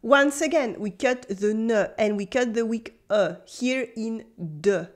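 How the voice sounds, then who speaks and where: A woman's voice: a little high, a little slow. A woman with a French accent, a native French speaker, teaching a language lesson in English and patiently explaining step by step. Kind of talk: scripted video lesson.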